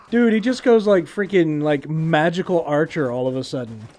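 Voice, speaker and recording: Giggly, chatty game streamer, slightly high voice. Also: male voice, darkish tone. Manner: laughs often, chatty and easily amused. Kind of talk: casual live gameplay commentary.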